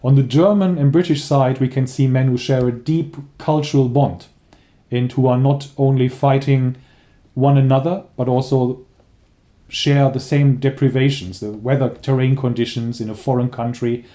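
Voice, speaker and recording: A man's voice: medium pitch, steady tone, normal speed, dark tone. A man, a historian, explaining carefully with hesitations in an interview. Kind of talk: documentary interview.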